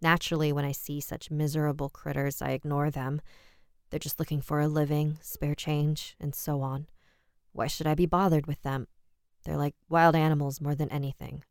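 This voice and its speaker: A woman reading a scripted horror story aloud as a podcast narrator, in a measured, even storytelling delivery. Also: sits low, clear, resonant tone, no echo, studio quality.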